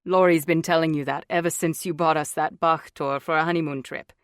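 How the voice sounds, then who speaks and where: A woman's voice: deep voice, steady tone, a little fast, no echo, studio quality, lightly acted. A woman voicing a tender, earnest young husband and father in an audiobook.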